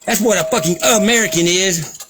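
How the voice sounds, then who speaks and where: A man's voice: high voice, fairly quick, background noise. A man delivering an angry, profane, sarcastic rant as a vlogger. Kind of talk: angry ranting commentary.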